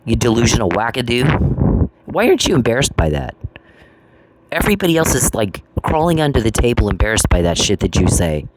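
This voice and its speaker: A vlogger delivers an angry, confrontational, profane monologue, repeating taunting questions. His mid-range voice moves briskly with big pitch swings, and the recording is noisy with clicks.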